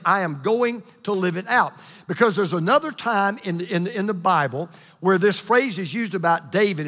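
A man preaching a sermon to a congregation, with an emphatic, repetitive cadence that slows down for key lines. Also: high voice, sharp tone, big-room sound. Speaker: pastor. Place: church hall with congregation.

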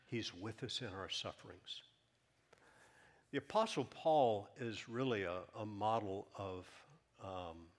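A man preaching a sermon as pastor, emphatic, rising loud then dropping to a hush. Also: lowish voice. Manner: emphatic, swings from loud to hushed.

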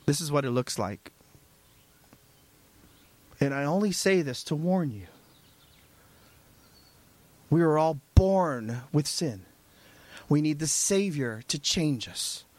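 A man preaching a sermon, emphatic, moving between hushed and fervent delivery. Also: fairly high pitch, animated, takes it slowly, long pauses, no room sound.

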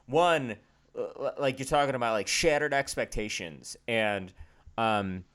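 A man's voice: medium pitch, unhurried, fairly bright tone. A man co-hosting a casual faith podcast, speaking in a candid, self-deprecating and earnest way. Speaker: podcast co-host.

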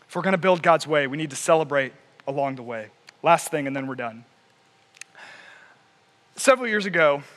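A man's voice: high-pitched, pushed and bright. A middle-aged man preaching a sermon as pastor, earnest and building to emphatic repetition. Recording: long reverb of a large hall.

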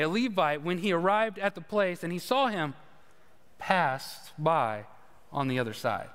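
A man's voice: sits high, a bit bright, smooth, long reverb tail. A man, a pastor preaching a conversational sermon with humorous stories. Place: church sanctuary.

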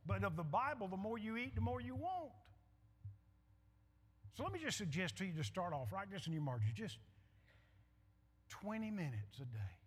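This middle-aged pastor speaks high and husky, his pitch swinging widely at a moderate pace with frequent pauses. Emphatic and repetitive, he engages the congregation in call-and-response, and the hall adds reverb.

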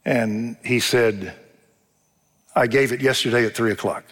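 Older man, pastor, folksy sermon, mid-pitched voice, long church-hall reverb. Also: measured pace, fairly bright tone. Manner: folksy storytelling, acts out quotes. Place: church sanctuary.

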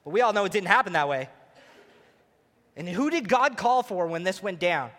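A man preaching a sermon as pastor, animated and playful, speaking to a congregation. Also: sits high, moderate pace, in a large hall. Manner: animated, preacherly, acts out voices. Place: church sanctuary.

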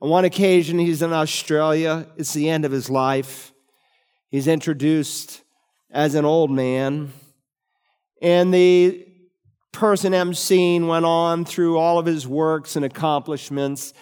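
A middle-aged male pastor preaching a sermon with emphatic rises on key words and deliberate slowing. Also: on the high side, fairly even intonation, a little mellow, smooth. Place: church sanctuary. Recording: long hall reverb.

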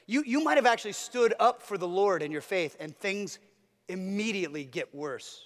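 Man, pastor, earnest sermon cadence, high voice, reverberant hall. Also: lively intonation, normal speed. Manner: earnest, repetitive preaching cadence.

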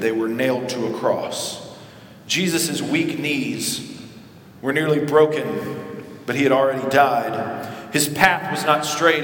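Pastor preaching in an echoey hall. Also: male voice, slight background noise. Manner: voices biblical figures in quick dramatic asides, then drops low and quiet. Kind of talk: sermon. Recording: echoey hall with long reverb.

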